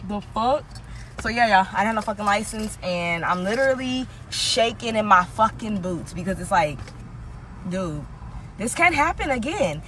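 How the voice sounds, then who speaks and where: A woman with a slightly high voice tells a story straight to camera in a loose, casual way. She swears freely and keeps calling out to her viewers. A faint hum of noise sits under her voice. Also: normal speed. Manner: animated, profane, talks straight to viewers as "y'all". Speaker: vlogger telling a story.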